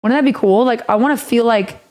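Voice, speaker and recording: A woman's voice: a little high, fairly quick, a little mellow. A woman streamer telling a rambling story in a casual, profane way, often laughing.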